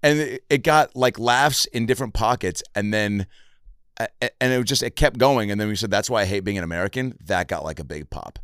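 A deep-voiced man hosts a relaxed comedy podcast, telling stories loosely and leaning on fillers. The sound is close and dry, with no room around him. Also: a little fast, smooth, no room sound. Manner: filler-heavy, animated storytelling. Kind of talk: casual podcast chat.

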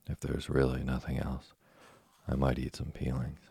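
A man's voice: very deep voice, monotone, moderate pace, gravelly, dark tone, slightly rough, no echo, heavily acted. A man voicing a hungry, whiny wooden puppet boy in a storybook reading, complaining and petulant.

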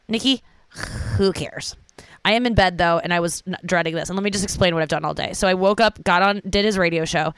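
A young woman speaks from her bed in a smooth, clear voice, sounding tearful after a cry. She rambles candidly and pokes fun at herself, recorded close and dry with no room sound. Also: fairly low pitch, a bit bright, no echo. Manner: candid, rambling, self-mocking. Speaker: vlogger. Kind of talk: confessional casual talk to camera. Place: in bed at home.

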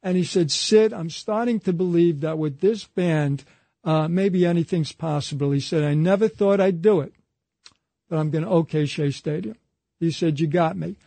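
High-voiced man telling a story. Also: moderate pace, vocal fry, mellow, dry recording. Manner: retells a story through a chain of quoted dialogue, repeating "he said". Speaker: interview guest. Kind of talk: conversational storytelling anecdote.

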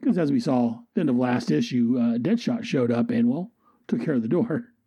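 Husky dark-voiced man reviewing comics. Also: mid-range voice, moderate pace, no echo, dull audio. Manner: rambling, enthusiastic, self-correcting. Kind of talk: casual comic book review.

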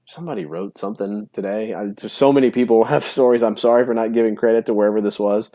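A man with a lowish, mellow voice chats casually about sports as a co-host. He rambles, piles up fillers and laughs easily along the way. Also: fairly even intonation, quick pace. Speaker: podcast co-host.

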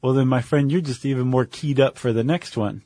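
A man co-hosting a podcast in casual chat, relaxed with many filler words. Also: mid-range voice, fairly quick, no echo. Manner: relaxed, lots of filler words, acts out quotes. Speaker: podcast co-host.

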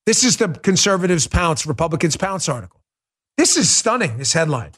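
A middle-aged man hosting a political talk show, delivering a heated, forceful monologue with emphatic repetition. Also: a little high, sing-song, a little fast, breathy edge.

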